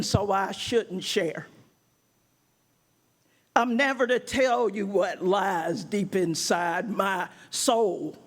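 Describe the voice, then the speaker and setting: A woman performing her own spoken word poem with intense, rhythmic delivery that builds to shouts. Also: mid-range voice. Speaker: poet.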